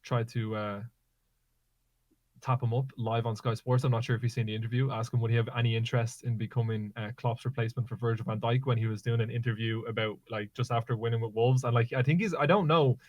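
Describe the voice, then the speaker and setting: A man co-hosting a casual football podcast, bantering quickly and getting animated as he tells stories. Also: medium pitch, no room sound, lo-fi sound. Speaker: podcast co-host.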